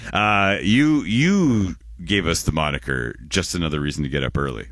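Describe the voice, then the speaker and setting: A man's voice: low voice, animated, normal speed, a bit bright, no room sound, clean studio sound. A man in his forties, hosting a radio show in casual, rambling chat and often correcting himself.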